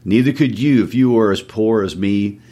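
A cheeky, shameless old dustman pleading his case, as a man reads him aloud. The voice sits fairly low and rises as he begs. It is a wheedling reading of a stage part. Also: normal speed, warm tone, close to an everyday voice.

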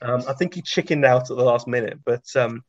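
A man spins anecdotes in loose, chatty conversation, full of ums and self-corrections. His voice sits at an ordinary pitch. The recording is dry and a little dull, like lo-fi audio. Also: brisk, no echo. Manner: chatty, with many ums and restarts, laughing at his own stories. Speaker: science author and guest.

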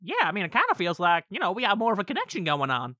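A woman's voice: medium pitch, wildly swooping pitch, racing, bright, forceful tone, no room sound, studio quality. A woman voicing a centuries-old male shapeshifting trickster who talks in a chirpy, teasing way. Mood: gleeful teasing. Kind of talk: tabletop role-play character voice.

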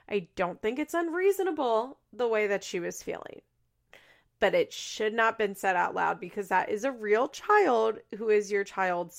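Chatty woman with vocal fry. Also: mid-range voice. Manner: chatty, frequent "like" fillers, laughs often. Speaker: podcast host recapping a reality show. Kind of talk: casual chat.

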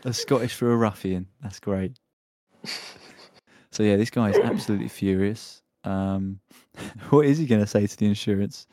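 A man's voice: lowish voice, moderate pace, warm tone, no room sound. A man co-hosting a podcast in casual chat, rambling and laughing often. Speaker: podcast co-host.

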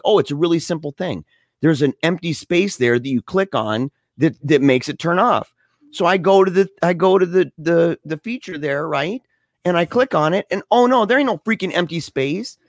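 A man telling a story in casual chat with a co-host, animated and slangy, laughing often as he talks. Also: fairly high pitch, dry recording, clean studio sound. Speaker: podcast co-host.

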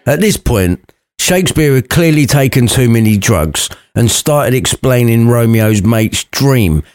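A man's voice: mid-range voice, darkish tone, no room sound. A man narrating a comic retelling, with crude, cheeky asides. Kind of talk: comic storytelling.

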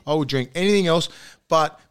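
A man's voice: a little high, brisk, clear, resonant tone. Laughing, swearing Australian man telling a story. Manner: laughing, profane, animated storyteller. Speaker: podcast host. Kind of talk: casual storytelling chat. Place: recording studio.

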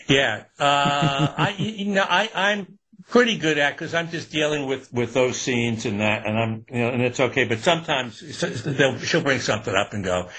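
An older man with a husky voice, answering interview questions casually. He rambles and restarts, unbothered. Relaxed, easygoing delivery. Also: mid-range voice, moderate pace. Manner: relaxed, rambling, laughs often. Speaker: author guest.

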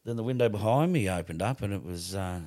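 A man's voice: lowish voice, fast, darkish tone, no room sound, clean studio sound. A middle-aged Australian man telling stories on a podcast as a guest, swearing freely and rambling with restarts. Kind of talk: casual storytelling.

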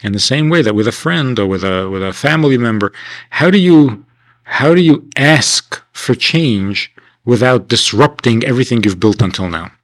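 This winter camp teacher has a mid-range voice and talks at a normal speed, lecturing in a relaxed, conversational way. He asks rhetorical questions and plays out the people he quotes with animation. The recording is dry and low-quality.

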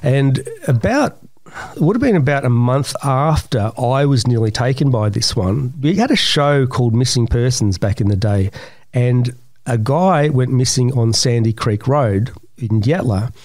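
Animated Australian man telling stories. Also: medium pitch, normal speed, dry recording. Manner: animated storyteller, acts out voices in his anecdotes. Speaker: guest, yowie researcher. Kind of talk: casual storytelling interview.

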